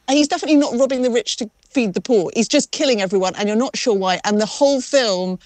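A woman's voice: on the high side, fast, few pauses, dry recording. A woman reviewing films in a chatty, wry manner, acting out audience reactions. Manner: chatty, wry, animated storytelling. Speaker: film critic. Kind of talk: conversational film review.

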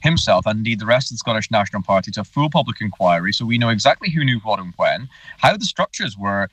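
A man with a low-pitched voice presses his argument fast and insistently, a politician in a radio interview. He comes through a distant, unsteady phone line that sounds dry and close-set despite the distance. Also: big pitch swings, a bit bright, breathy edge, no echo.

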